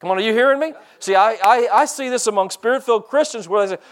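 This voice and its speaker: Older guy preaching, pretty high voice, loose folksy sermon, keeps restarting words. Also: fast, hardly any pauses. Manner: folksy, repeats words, plays out quoted voices. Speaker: pastor.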